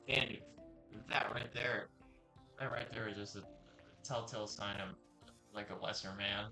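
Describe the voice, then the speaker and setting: Low-voiced man telling a story. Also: steady tone, measured pace, pushed and bright. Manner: rambling, with fillers and restarts. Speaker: vlogger. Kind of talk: casual storytelling. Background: music.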